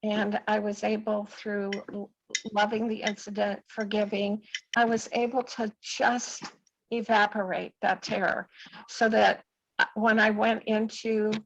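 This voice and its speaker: A woman in her seventies giving an earnest, halting personal testimony on a group video call. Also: medium pitch, level tone, muffled recording, slight background noise. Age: 70s.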